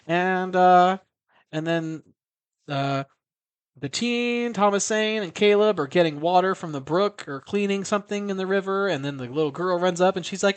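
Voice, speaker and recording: A man's voice: a little high, normal speed, dry recording. Rambling, profane man recapping a film. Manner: rambling, profane, self-correcting.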